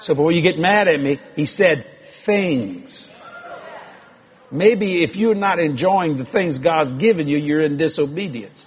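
A man preaching a sermon, telling stories in a folksy, animated way with laughing asides and bursts of loud emphasis. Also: on the high side, unhurried. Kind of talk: storytelling sermon. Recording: muffled lo-fi sermon recording.

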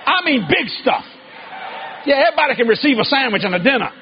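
High-voiced preacher man, emphatic. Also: very animated, fast talker, a faint crowd. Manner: emphatic, shouting at peaks. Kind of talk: sermon. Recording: dull lo-fi recording with faint noise.

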